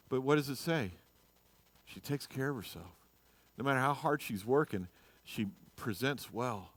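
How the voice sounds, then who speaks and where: Casual male pastor, jokey Bible teacher, mid-pitched voice, close and dry. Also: unhurried, no echo. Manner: chatty, joking, swings from quiet asides to loud bursts. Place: church.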